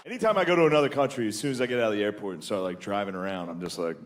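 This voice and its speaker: A man's voice: lowish voice, rapid-fire, very noisy. A man doing crude stand-up comedy, laughing at his own jokes and saying "dude" a lot. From United States.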